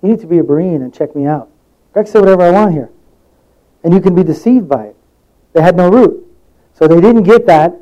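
Mellow-voiced man preaching conversationally. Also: sits high, expressive, brisk, long pauses, muffled recording. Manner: conversational, acts out quoted voices, laughs at own stories. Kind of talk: sermon.

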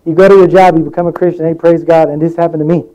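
A man delivers a sermon in a loose, conversational way, his voice a little higher than most men's and mellow in tone. He tells stories from his own life and slips into the voices of the people in them. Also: fairly even intonation, rapid-fire, lo-fi sound. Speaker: preacher.

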